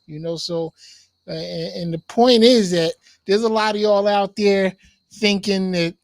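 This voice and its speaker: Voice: medium pitch, steady tone, unhurried, no room sound. A host in casual interview chat, giving short encouraging reactions and speaking with some repeated words.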